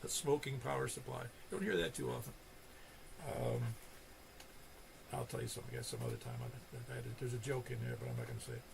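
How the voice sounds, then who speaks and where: An older man acting as net control hosts an amateur radio net, spinning rambling, casual stories full of restarts. His mid-range voice is creaky and very animated, he talks fast, and there's background noise.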